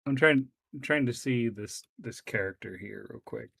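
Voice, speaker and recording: A man's voice: medium pitch, moderate pace, creaky, fairly bright tone. A man co-hosting a casual discussion, explaining carefully while thinking aloud. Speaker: co-host reading the text.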